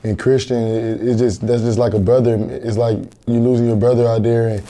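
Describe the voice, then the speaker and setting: Earnest young man, flat dark voice. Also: mid-range voice, fairly quick. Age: young adult. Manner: earnest, plain-spoken, repeats words as he thinks. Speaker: college football linebacker. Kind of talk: TV interview answers.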